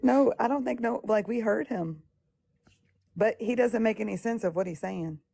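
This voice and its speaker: A sick woman with a raspy voice, teasingly hosting a live chat stream. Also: on the high side, normal speed, dark tone, no room sound. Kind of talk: casual chat.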